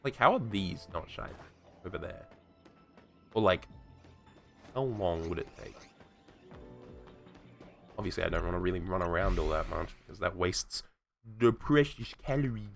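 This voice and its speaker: A sick man with a sore throat streams a game, his low, creaky voice expressive and a bit bright at a moderate pace, with long pauses. He rambles profanely and talks to himself in casual gameplay chat while faint music plays behind.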